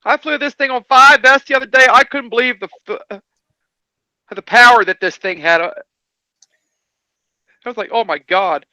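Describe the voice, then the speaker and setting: A man chatting casually on a livestream, excitable and repetitive, laughing often. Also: very high-pitched, normal speed, long pauses, no echo, rough recording. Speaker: livestream co-host. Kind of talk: casual chat.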